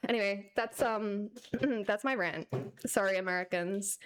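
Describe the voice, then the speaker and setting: A young woman streamer telling a story as a sarcastic, animated rant, laughing often. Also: medium pitch, a little slow, clean tone. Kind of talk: casual ranting storytelling.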